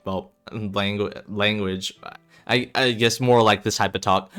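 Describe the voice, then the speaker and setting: A man's voice: on the low side, steady tone, a little slow, a bit bright, clear, resonant tone, soft background music. A young man casually commenting as he reads through a visual novel, chatty and trailing off as he thinks. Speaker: gamer reading a visual novel.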